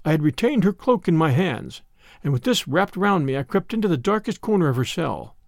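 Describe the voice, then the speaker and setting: A man narrating an audiobook in a dramatic, expressive first-person storytelling style. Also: a little high, a little fast, gravelly, no room sound, clean studio sound. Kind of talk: scripted narration.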